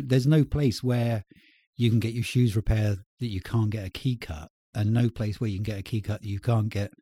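Man, mellow tone, slightly raspy, playful musing. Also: medium pitch, dry recording, studio quality. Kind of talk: casual chat.

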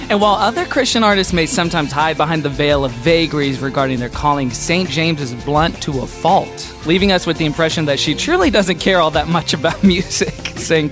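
Wry male co-host, very animated pitch, quick jokes, laughs a lot. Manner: wry, joking delivery with frequent laughter. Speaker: podcast co-host. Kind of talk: comedic podcast chat.

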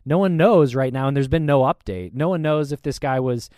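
A man's voice: medium pitch, a little fast, darkish tone. A man in a casual chat walks through a news story, stopping and restarting as he goes. His voice sits in the middle range and sounds dry and close to the mic, with no room echo. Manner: recounts a news story with many fillers and restarts.

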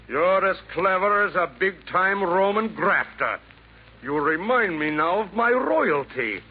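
A vain, boastful Nero sent from hell. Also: male voice, high voice. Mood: theatrical. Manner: theatrical, rhyming bluster with sudden swings. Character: vain boastful emperor Nero, a devil's hired killer. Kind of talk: 1940s radio acting. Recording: tinny 1940s radio broadcast with faint hiss.

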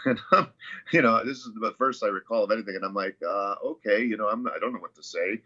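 Casual male guest, bright forceful tone, rambling storyteller, muffled lo-fi audio. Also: fairly low pitch, brisk. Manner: rambling, many fillers and restarts. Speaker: interview guest, CrossFit athlete.

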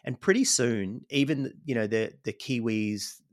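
Speaking unhurriedly at a medium pitch, this middle-aged Australian podcast guest reflects on his life in a rambling, conversational way. He peppers the story with plenty of "you know"s.

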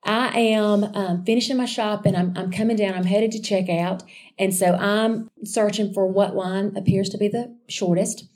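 A woman sharing a personal faith testimony in a chatty, animated storytelling way, calling her listeners y'all. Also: mid-range voice, moderate pace. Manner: chatty and animated, addressing listeners as y'all, with frequent restarts and asides.

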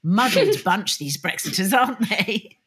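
A woman podcast co-host, chatting in a wry, animated way. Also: mid-range voice, measured pace, breathy edge. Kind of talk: casual chat.

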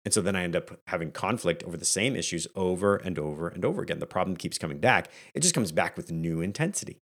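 A man's voice: low-pitched, fast. A man hosting a solo podcast, speaking energetically and conversationally as a leadership coach. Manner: energetic and conversational, acting out quoted family moments.

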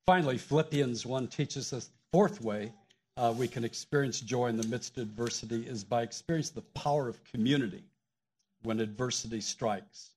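A man with a husky edge to his voice preaches in a church. He explains the passage steadily and plainly, in a mid-range tone. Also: medium pitch, normal speed, darkish tone. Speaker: guest preacher. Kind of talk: shared sermon, scripture teaching.

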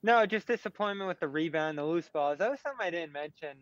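A man's voice: on the high side, lively intonation, quick pace, a bit bright, lo-fi sound. A man on a remote call, analysing a basketball game in an earnest way. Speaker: podcast regular. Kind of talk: sports analysis.

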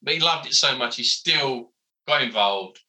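A man, a comic book writer telling animated, self-mocking stories as an interview guest, full of fillers. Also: mid-range voice, normal speed, low-quality recording. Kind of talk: casual interview storytelling.

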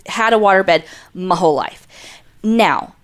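A woman co-hosting a true crime podcast, telling the case in a casual, animated way with plenty of swearing. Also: medium pitch, unhurried. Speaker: podcast co-host.

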